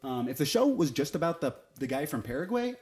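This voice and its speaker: A man's voice: fairly high pitch, sing-song, a little fast, a little mellow. A man giving a casual, opinionated TV review, speaking bluntly and swearing freely. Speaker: TV show reviewer.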